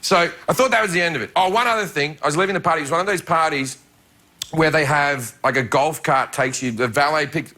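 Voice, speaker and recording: A male stand-up comedian telling an animated anecdote as a talk show guest, laughing often. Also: fairly high pitch, fast.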